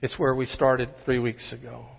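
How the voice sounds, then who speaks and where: A pastor with a medium-pitched voice, flat delivery, and vocal fry preaches emphatically at normal speed, full of rhetorical questions. He's in a church sanctuary, and the sermon audio sounds muffled in the large hall.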